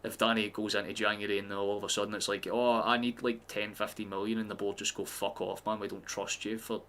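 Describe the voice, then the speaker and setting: A man's voice: lowish voice, level tone, fairly quick, fairly bright tone, a little hiss or hum. A man streaming a live football watchalong, chatting casually and swearing freely as he reacts to the match.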